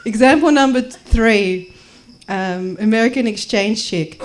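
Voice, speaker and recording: A woman's voice: on the high side, unhurried. A woman in her twenties with an Australian accent doing brash, jokey stand-up comedy and spoken word, live in a small venue. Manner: brash, jokey, acts out the people she quotes. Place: small performance space.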